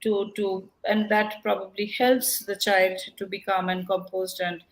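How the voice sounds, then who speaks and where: A woman speaking as a parent on a webinar panel, soft and agreeable. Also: mid-range voice, little pitch movement, measured pace, poor audio. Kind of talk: panel discussion. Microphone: video call.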